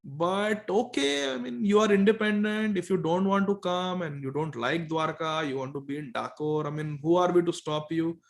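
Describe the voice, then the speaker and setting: A man's voice: on the high side, normal speed, creaky, hardly any pauses. A man voicing greedy male temple priests who wheedle and scheme over gold. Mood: wheedling.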